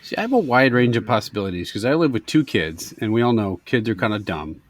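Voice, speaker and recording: A man in his thirties co-hosting a casual podcast, relaxed and joking, with plenty of swearing. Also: on the low side, quick pace, a little hiss or hum. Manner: laid-back, swears and laughs often. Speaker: podcast co-host. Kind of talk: casual chat.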